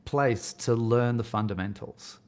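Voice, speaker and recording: A man's voice: mid-range voice, measured pace, a little mellow. A middle-aged man, speaking as a podcast guest in a thoughtful, rambling way with many restarts. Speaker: casting director and acting coach. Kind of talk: podcast interview.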